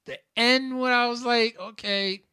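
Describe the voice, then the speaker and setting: A man in his thirties, co-hosting a podcast in a casual chat, telling excitable, slangy stories. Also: a little high, normal speed, no room sound, studio quality. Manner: animated storyteller, slangy and excitable. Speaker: podcast co-host.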